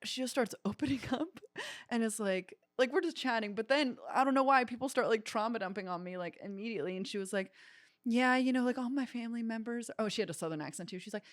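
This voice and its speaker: A woman co-hosting a comedy podcast, casually chatting and telling stories with lively acted-out quotes. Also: fairly high pitch, fast, no room sound, clean studio sound. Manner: animated storyteller, acts out quotes. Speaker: podcast co-host. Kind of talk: casual chat.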